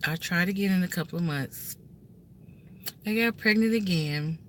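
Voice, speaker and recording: A vlogger in her thirties shares a personal story from inside her car, talking at a normal speed with a lowish voice and slight background noise. The casual, heartfelt tone stays earnest and emotional as she keeps turning straight to her audience.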